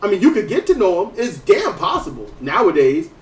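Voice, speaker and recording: A man hosting a casual wrestling podcast, telling stories in a lively way, with frequent swearing and restarted sentences. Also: high-pitched, a little fast. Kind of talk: casual commentary chat. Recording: roomy, distant mic.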